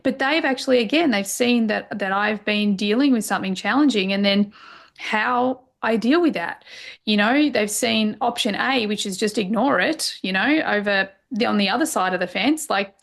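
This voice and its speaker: A woman's voice: mid-range voice, normal speed, creaky. A middle-aged woman coach, a podcast guest, sharing personal stories openly and emotionally, with lots of fillers. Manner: open and emotional, many fillers. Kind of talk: candid personal conversation.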